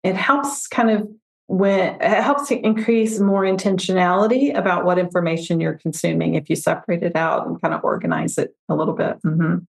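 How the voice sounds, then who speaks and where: A woman, a financial therapist, talking through her approach in a relaxed podcast conversation, often giving examples and voicing her clients. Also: lowish voice, fairly quick, vocal fry, reverberant. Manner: reflective, explains with examples and quoted client voices.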